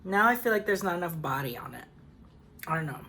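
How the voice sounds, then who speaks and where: Her voice is fairly low, expressive, and fairly quick, pushed and bright, with a little hiss or hum on the recording. She hosts her own cooking show, chatting upbeat and casual through a recipe with plenty of "like" and "um," vlog style.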